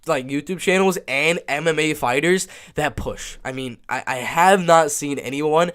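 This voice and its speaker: A man's voice: fairly high pitch, normal speed, fairly bright tone. A man hosting a casual reaction video, rambling and stammering as he repeats himself. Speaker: YouTube reaction host.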